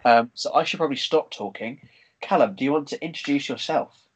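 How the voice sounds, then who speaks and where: A young man hosting a podcast, chatty, excitable and quick. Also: medium pitch, breathy edge, rough recording. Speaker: podcast host. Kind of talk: casual chat.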